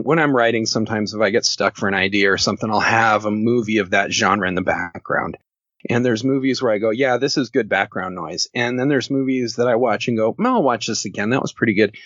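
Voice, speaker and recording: A man's voice: medium pitch, fairly bright tone, no echo. Guy rambling and joking on a podcast, kinda muffled lo-fi sound, dry. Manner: jokey, rambling, laughs often. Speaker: podcast guest, horror author. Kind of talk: casual podcast chat. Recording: dull lo-fi podcast audio.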